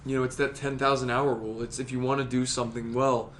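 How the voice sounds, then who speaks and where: A man co-hosting a podcast in casual chat, rambling and excitable, swearing freely as he tells stories. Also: mid-range voice, fast, slight background noise. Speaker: podcast co-host.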